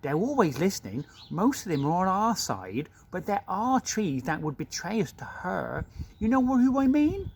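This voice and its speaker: A man's voice: high-pitched, very animated, moderate pace, a little hiss or hum, voice pushed up. A man voicing a wary, secretive male beaver in a horsey, throaty whisper, reading a storybook aloud. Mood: hushed urgent.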